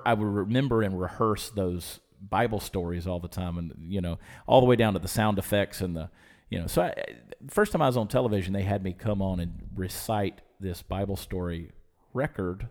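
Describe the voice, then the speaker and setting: Southern man, low register, lively anecdotal talker on a podcast. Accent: muted Southern US. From Georgia, US. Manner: storytelling, animated, quick to laugh. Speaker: podcast guest. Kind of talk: casual chat. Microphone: studio microphone with headphones.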